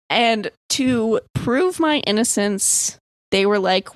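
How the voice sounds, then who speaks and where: A woman's voice: a little high, animated, takes it slowly, no echo, studio quality. A young woman from the East Coast telling a dream story in casual podcast chat, full of "like" and freely swearing. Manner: rambling, filler-heavy, swears freely. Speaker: podcast guest.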